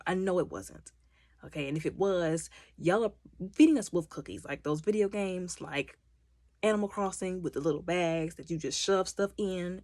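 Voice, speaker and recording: Woman movie reviewer, casual recap, gravelly and swooping delivery, mocking and animated. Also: lowish voice, no room sound. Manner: animated storytelling, acting out characters' lines; exasperated, mocking commentary.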